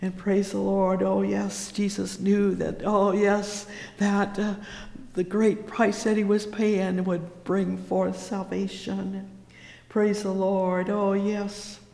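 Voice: medium pitch, completely flat delivery, takes it slowly, vocal fry, darkish tone. A preacher giving a fervent sermon, reading old-fashioned scripture and exclaiming praise between lines. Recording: echoey hall.

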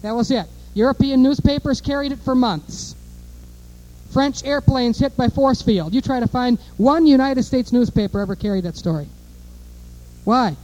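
A man preaching a fiery sermon, emphatic and repetitive, moving between offhand asides and loud declarations. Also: extremely high pitch, moderate pace, muffled recording.

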